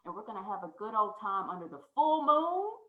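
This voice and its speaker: A woman hosting a casual chat, loose and joking, quick to laugh. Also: mid-range voice, sing-song, phone-quality sound, a little hiss or hum. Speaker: host. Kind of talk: casual video call chat. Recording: echoey room.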